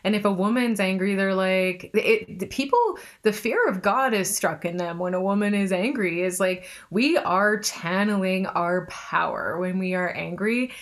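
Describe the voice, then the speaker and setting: A woman's voice: medium pitch, lively intonation, normal speed, hardly any pauses. A woman speaking earnestly and reflectively in a casual conversation, speeding up when she gets passionate. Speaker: podcast co-host.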